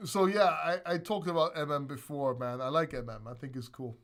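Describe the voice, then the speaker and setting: A man's voice: a little high, fairly quick, fairly bright tone. A man hosting a casual crypto question-and-answer livestream, talking bluntly, rambling and swearing.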